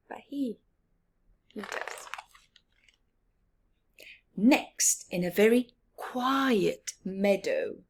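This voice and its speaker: A woman reading a children's picture book aloud as the storyteller, slow and expressive. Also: fairly high pitch.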